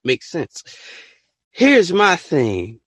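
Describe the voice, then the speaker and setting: A man hosting a podcast, ranting his opinion in an animated, profane way and bursting into shouts. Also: a little high, very slow, no echo. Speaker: podcast host.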